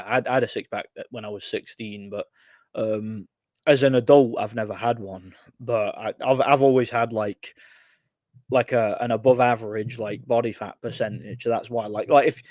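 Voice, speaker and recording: A man's voice: mid-range voice, a little mellow, dry recording. Guy doing a chatty live stream, mid voice, dry close sound, keeps repeating himself. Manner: rambling, frequent word repeats and fillers. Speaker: livestream host answering chat. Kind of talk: casual chat.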